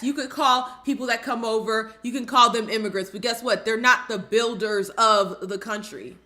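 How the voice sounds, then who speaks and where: Woman ranting on her stream, high voice, blunt and heated, black speech. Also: pushed and bright. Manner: blunt and heated, with profanity and rhetorical questions. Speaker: commentary streamer. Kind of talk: opinionated casual commentary.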